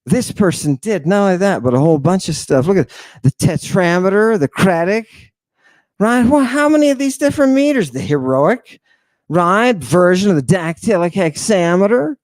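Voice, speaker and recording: A man's voice: high-pitched, very animated, normal speed, darkish tone, no room sound. A man hosting and giving a theatrical lecture to his audience. He stresses and repeats key words and keeps firing rhetorical questions. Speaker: lecturer and host.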